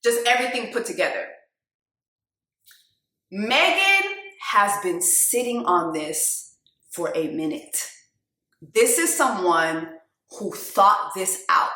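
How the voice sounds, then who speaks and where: A woman giving loud, animated casual commentary on a song, laughing often and jumping between low asides and high exclamations. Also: reverberant. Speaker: video host reacting to a song.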